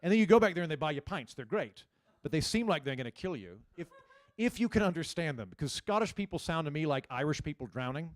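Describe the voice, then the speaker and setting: A stand-up comedian in his forties working a live crowd in a chatty, conversational style. He stumbles over his words and restarts often as he riffs with the audience. His voice is slightly high for a man and the sound is dry and close. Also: animated, fast, no room sound.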